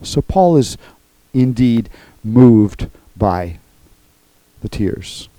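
A man's voice: mid-range voice, animated, very slow, warm tone, dry recording, poor audio. A man preaching a sermon in an earnest, emphatic way, often checking in with his listeners. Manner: earnest, emphatic, repeats "okay?" to the congregation. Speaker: pastor.

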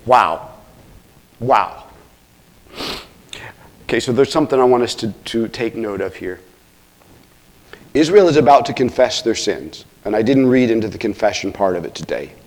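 A man preaching an expository sermon, earnest, with self-corrections and asides, swinging from hushed near-whispers to loud, emphatic exclamations. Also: mid-range voice, expressive, fairly quick. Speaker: pastor.

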